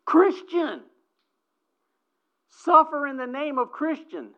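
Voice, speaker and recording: A preacher delivering a sermon, swinging between loud exclamations and quiet asides. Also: medium pitch, big pitch swings, slow pace. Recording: dull lo-fi recording.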